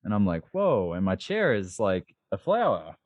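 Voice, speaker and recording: A man in his thirties, a podcast guest, telling a long personal story in a candid, animated way with many restarts. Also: low voice, moderate pace, dry recording, dull audio. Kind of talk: storytelling interview.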